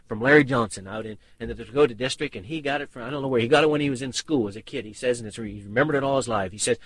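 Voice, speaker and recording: A man's voice: medium pitch, rapid-fire, fairly bright tone, slightly rough, no echo. A man preaching to pastors in a folksy storytelling manner, repeating his key phrases for emphasis. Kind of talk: sermon.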